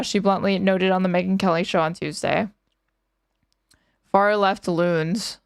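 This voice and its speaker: Woman streamer, sarcastic commentary, smooth clear voice, dry close sound. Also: fairly low pitch, fairly even intonation, a little slow, long pauses, no echo. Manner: sarcastic, reads articles aloud with asides. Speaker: streamer reacting to news clips. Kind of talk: casual commentary over clips.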